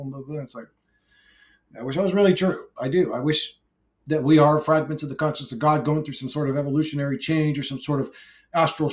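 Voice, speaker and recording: A man ranting alone to camera in a vlog, brash and profane, swinging from shouted outbursts to low mumbled asides; he says he is high while filming. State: intoxicated. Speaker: YouTuber.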